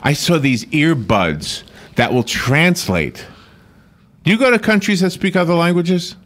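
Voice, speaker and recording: A man's voice: fairly high pitch, expressive, a little slow, fairly bright tone. A man hosting a casual chat on local radio from a studio, talking easily and laughing often. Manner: chatty, laughs easily, reads sponsor spots. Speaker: radio host.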